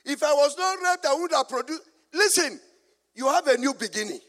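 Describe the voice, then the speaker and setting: Nigerian pastor, very high pitch, sermon with call-and-response and humor, big reverberant hall. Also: male voice, expressive, fairly quick, fairly bright tone. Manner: call-and-response preaching, asking the congregation to finish his lines; storytelling with humor.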